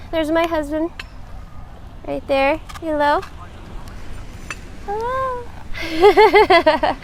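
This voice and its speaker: A woman's voice: sits high, a little hiss or hum. A woman, a yoga instructor live-streaming from the beach, chatty and welcoming as she greets her viewers. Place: outdoors on a beach.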